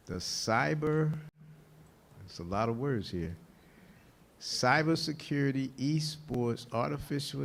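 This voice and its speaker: A man chairing a public board meeting, halting and easygoing, often correcting himself. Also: fairly low pitch, gravelly, a little mellow.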